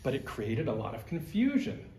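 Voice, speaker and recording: A man's voice: medium pitch, huge pitch swings, moderate pace, dark tone, roomy sound, a little hiss or hum. A man giving a conversational history lecture as a museum curator, explaining with slides and personal asides.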